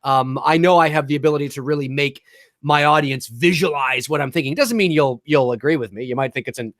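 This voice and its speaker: A man co-hosting a live-stream chat show, talking casually and at length with frequent restarts and the odd curse. His voice sits a little high, and the recording is dry with no room sound. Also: fairly quick, no room sound. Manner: rambling, animated, restarts, swears casually. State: talking with a lozenge in his mouth. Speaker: podcast co-host.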